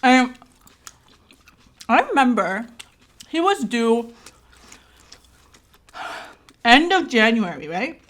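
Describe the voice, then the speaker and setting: Chatty vlogger mom with a somewhat high voice, telling a story while eating, loose and rambling. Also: female voice, sing-song, slow pace, fairly bright tone, a little hiss or hum. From Korea. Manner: rambling, chatty, filled with "like" and "right?". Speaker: vlogger and mother. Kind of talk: casual mukbang storytelling.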